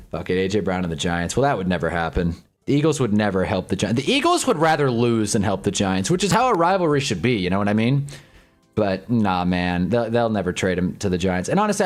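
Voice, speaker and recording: Young male streamer, casual rant, swings loud to mumbled, swears a lot, very expressive pitch. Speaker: sports streamer. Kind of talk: casual livestream chat reading fan comments.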